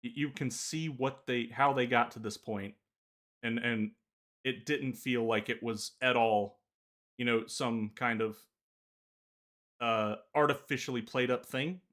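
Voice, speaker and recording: A man co-hosting a casual gaming podcast, talking in halting bursts full of filler pauses. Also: mid-range voice, fairly even intonation, a bit bright. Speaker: podcast co-host.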